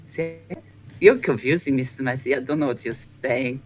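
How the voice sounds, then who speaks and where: A man voicing a prim, fussy tea-loving gentleman with an odd accent who is scandalised by naughty talk. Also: medium pitch, normal speed, faint music behind, lightly acted.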